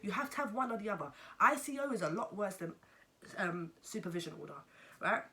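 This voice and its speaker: A young woman with a London accent, telling a story to camera in a casual, animated way and swearing freely. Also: mid-range voice, a little fast. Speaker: vlogger.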